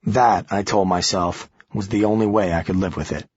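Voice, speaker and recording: Low husky male audiobook narrator. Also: moderate pace, no echo, highs cut off. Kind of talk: first-person thriller narration.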